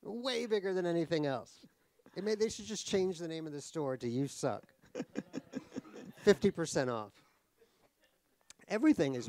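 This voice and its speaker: Wry, gravelly American man. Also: on the high side, lively intonation, moderate pace, long pauses, a little mellow, dry recording. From New York, USA. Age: middle-aged. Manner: wry and joking, self-mocking, many restarts. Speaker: author and guest speaker. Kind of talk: casual conversation on stage. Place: cultural center event hall.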